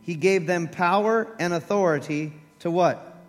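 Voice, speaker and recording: During a sermon, a man with a high, lively voice acts out the story as he tells it, doing voices and laughing at a slightly slow pace. Long reverb from the church hall surrounds his words, with faint music beneath.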